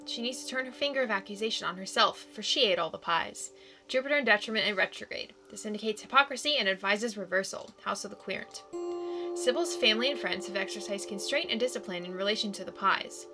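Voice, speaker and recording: A woman playing through a game, reading its text aloud in a plain, unhurried way with quick casual asides. Her voice sits in a middle range, and game music plays clearly behind her. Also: medium pitch. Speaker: gaming YouTuber.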